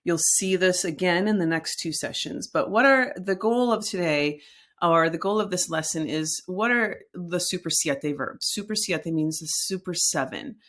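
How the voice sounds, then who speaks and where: A woman teaching a recorded Spanish lesson, explaining patiently and slowly with frequent fillers. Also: fairly low pitch, a bit bright.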